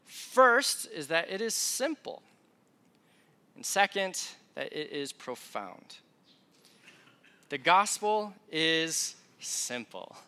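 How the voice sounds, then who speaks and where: A young male preacher delivers a sermon with a conversational, self-deprecating storytelling touch. His voice sits high for a man and rings bright and forward. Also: very animated, extremely slow, long pauses.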